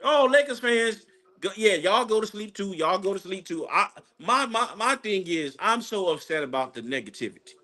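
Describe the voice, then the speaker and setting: A man ranting casually about a basketball game as a fan, rambling and excitable, breaking into high laughing outbursts. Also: moderate pace. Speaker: sports fan commentator. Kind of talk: casual live game-watching rant.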